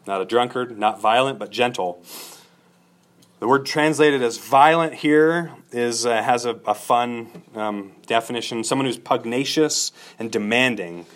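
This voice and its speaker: A man's voice: mid-range voice, measured pace. Earnest male preacher teaching scripture. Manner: earnest, repetitive, emphatic lists. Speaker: pastor. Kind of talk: expository sermon.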